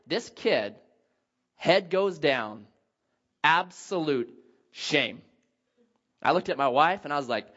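A man's voice: high-pitched, measured pace, muffled recording. A man preaching a sermon, telling a story and acting out the people in it. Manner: animated, acts out scenes with shouted quotes. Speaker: pastor.

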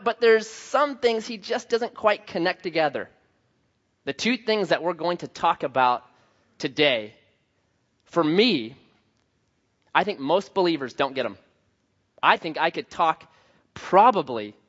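A man preaching a sermon, opening with a scripture reading and a prayer, then telling a lively story about his young son and acting out the child's voice. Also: big-room sound, highs cut off. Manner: animated storyteller, acts out a child's high voice in quotes. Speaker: pastor.

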